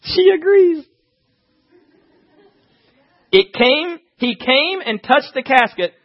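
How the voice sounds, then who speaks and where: A man preaching a sermon, reading scripture and talking fast with animated asides. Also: very high-pitched, lo-fi sound.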